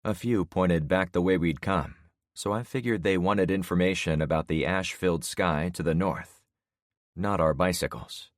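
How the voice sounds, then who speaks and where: A man in his sixties narrating an audiobook in the first person with steady storytelling. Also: low voice, moderate pace, dry recording, clean studio sound. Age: 60s.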